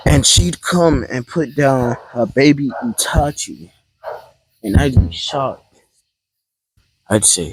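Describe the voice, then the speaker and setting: A man's voice: mid-range voice, animated, takes it slowly, pauses often, slightly rough, rough recording. A man casually telling a fan-fiction story in a rambling, hesitant way, often correcting himself.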